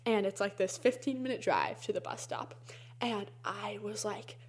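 A woman's voice: medium pitch, expressive, normal speed, husky. A young adult woman telling a story in casual chat, with many fillers and frequent laughs. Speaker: interviewee.

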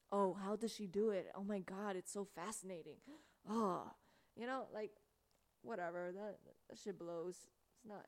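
A woman's voice: mid-range voice, clean tone. Chatty young New woman hosting radio. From United States. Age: young adult. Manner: chatty, rambling, lots of "like" and "you know". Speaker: radio show host. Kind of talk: casual radio monologue.

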